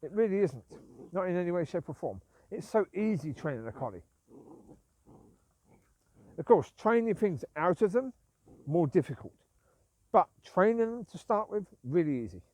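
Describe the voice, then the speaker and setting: A man's voice: sits high, sing-song, moderate pace, pauses often, warm tone, no echo. Aggrieved man rambling on his own vlog. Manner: repetitive, aggrieved, self-justifying. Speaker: vlogger. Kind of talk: rambling casual monologue.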